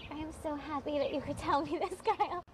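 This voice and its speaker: Very high-voiced, chatty young woman. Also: fairly even intonation, fairly quick, heavy background noise. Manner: chatty, earnest, cheerfully oblivious. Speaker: girlfriend. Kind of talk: improvised mockumentary dialogue.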